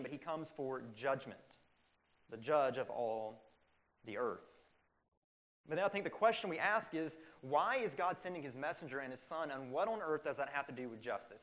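A man's voice: on the high side, a bit bright. A man preaching a sermon, asking rhetorical questions and acting out quoted voices. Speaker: pastor.

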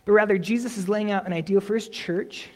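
A man's voice: sits high, fairly even intonation, brisk. Conversational male pastor preaching. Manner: conversational, self-correcting, uses imagined dialogue. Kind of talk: sermon.

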